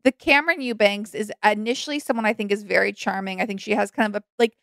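A young woman co-hosting a casual chat, animated and laughing as she acts out quotes. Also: mid-range voice, fast talker, creaky, no echo, clean studio sound. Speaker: podcast co-host.

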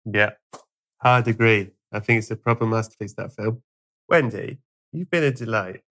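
A man's voice: on the low side, normal speed, fairly bright tone. Wry male podcast host. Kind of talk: casual interview chat.

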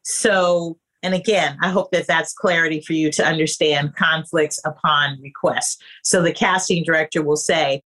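Casting note: lower-voiced woman, casting director type, emphatic podcast talk to actors. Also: steady tone, moderate pace, hardly any pauses, a bit bright. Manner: emphatic, conversational, addresses listeners as you guys. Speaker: acting coach and casting director.

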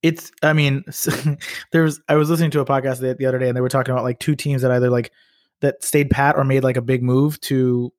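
Young male podcast co-host, quick casual talker, dry close sound. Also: medium pitch, level tone, no room sound. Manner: fast, loose, swears casually. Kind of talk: casual sports chat.

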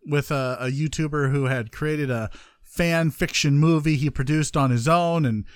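A man's voice: fairly high pitch, moderate pace, clean tone, no room sound. Male podcast host, jokey casual talker, dry mic. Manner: joking, trails off into asides. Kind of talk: casual gaming news chat.

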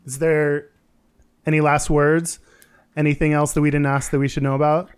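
A soft-spoken man runs the interview. He asks gentle follow-up questions and murmurs short replies. His voice sits slightly high. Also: level tone, normal speed, clear, resonant tone.

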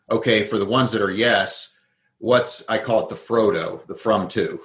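A man's voice: fairly low pitch, moderate pace, fairly bright tone, echoey room, rough recording. A man giving a conversational interview, thoughtfully explaining his ideas through worked examples. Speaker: guest.

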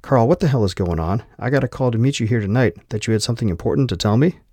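A man voicing an anxious young wife and mother who pleads softly. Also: medium pitch, quick pace, slightly rough, no room sound.

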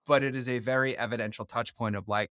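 Guy hosting a podcast, super animated storytelling, drops swears, dry close mic. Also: medium pitch, fast, clean tone, dry recording. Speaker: podcast host. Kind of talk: casual conversation.

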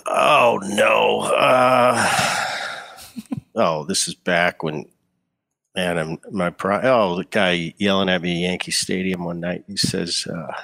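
With a low-pitched voice and vocal fry, a former baseball player chats casually as an interview guest. His storytelling is relaxed, full of restarts, and the recording is dry.

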